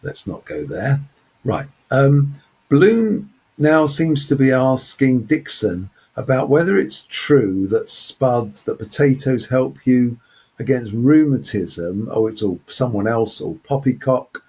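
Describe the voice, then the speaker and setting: A man's voice: medium pitch, sing-song, slow pace, darkish tone, slightly rough. A man presenting a close reading of a novel, talking through passages in a hesitant way with many fillers. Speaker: literature presenter. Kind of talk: unscripted close-reading commentary.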